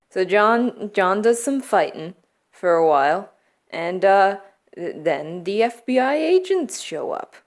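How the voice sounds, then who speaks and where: A young adult woman vlogger retelling movie plots from memory in a playful, deadpan way, laughing often. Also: mid-range voice, slow. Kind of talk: comedic movie recap from memory.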